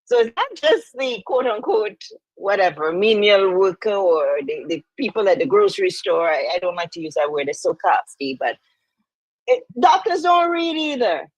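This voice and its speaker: A woman co-hosting a podcast, chatting in an animated, indignant way and laughing often. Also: mid-range voice, normal speed, no room sound, low-quality recording. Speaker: podcast co-host. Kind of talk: casual chat.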